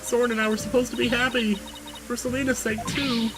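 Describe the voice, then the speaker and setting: A man voicing a timid, weepy young woman who pleads in a high falsetto. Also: level tone, brisk, loud music behind the voice.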